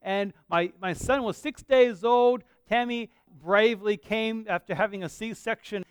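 A man from Australia, a pastor with an Australian accent worn toward American, preaching a sermon in an earnest, conversational way with dramatic pauses. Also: high voice, clean tone, no echo, studio quality. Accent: Australian mixed with American.

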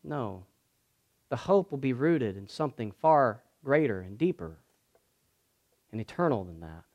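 A man preaching a sermon as pastor, moving from hushed, slow passages to loud, emphatic ones. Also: mid-range voice, big pitch swings, highs cut off.

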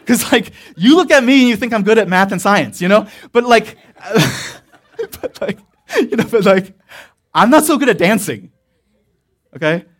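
A man with a notably high voice preaches in a loose, chatty way. He rambles through his story with plenty of fillers and easy laughter. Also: animated, unhurried. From Korean church background. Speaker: pastor. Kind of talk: sermon.

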